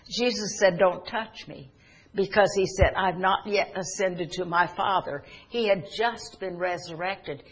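A man's voice: high-pitched, a bit bright, breathy edge. A man preaching a sermon, earnestly retelling Bible stories in quoted speech.

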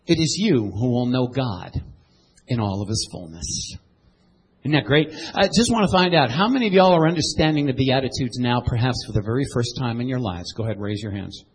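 A man preaching a sermon, animated, moving between loud and hushed and asking the congregation questions. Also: medium pitch, fairly quick, slightly rough, poor audio. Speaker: pastor.

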